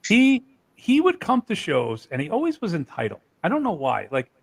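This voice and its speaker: A man's voice: sits high, huge pitch swings, moderate pace, slightly rough, rough recording. A man being interviewed, telling heated stories and swearing freely. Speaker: interview guest. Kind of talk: casual interview.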